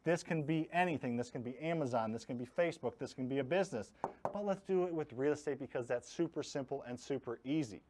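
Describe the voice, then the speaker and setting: This fast-talking man has a mid-range voice and teaches real estate investing in a live online training, with noise audible behind him. His delivery is blunt and playful, with heavy stress on the words that matter most.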